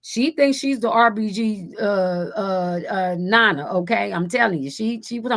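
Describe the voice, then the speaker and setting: A woman's voice: a little slow, creaky. A woman guest on a radio talk show, telling a story casually with many restarts and acting out other people's voices. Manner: animated, acts out quoted voices with big pitch jumps; rambling with frequent restarts.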